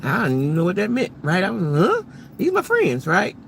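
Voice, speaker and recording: A woman's voice: mid-range voice, wildly swooping pitch, fairly quick, gravelly, slight background noise. A middle-aged woman hosting a casual live stream from her car, chatting animatedly with her viewers. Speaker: livestream host.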